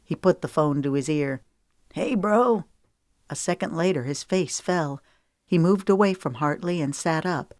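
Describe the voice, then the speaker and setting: A woman narrating an audiobook in an even, measured storytelling manner. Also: low voice, no echo, clean studio sound.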